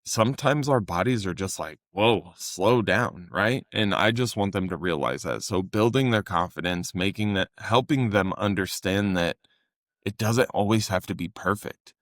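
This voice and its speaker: A young adult man co-hosting a casual podcast, talking earnestly about coaching and sometimes acting out what he says to clients in a louder voice. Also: on the low side, moderate pace, no echo, studio quality. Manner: earnest, conversational, acts out quotes with raised voice. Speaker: fitness coach and podcast co-host.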